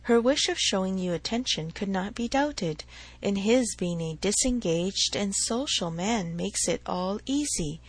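A woman voicing a dry, sensible married gentleman in a narrated novel, calm and reasonable. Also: medium pitch, unhurried, slightly rough, low-quality recording.

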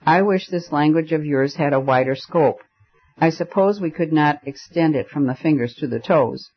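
A man reading as a playful, joking young gentleman. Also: fairly high pitch, moderate pace, slightly rough. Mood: jesting. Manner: playful, whimsical, bantering. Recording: dull lo-fi recording.

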